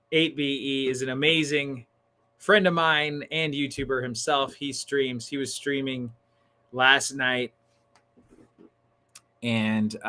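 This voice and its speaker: A man hosting a casual livestream, chatting excitedly and tossing in slang like "dude" and "bro". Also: mid-range voice. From Northern California. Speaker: livestream host.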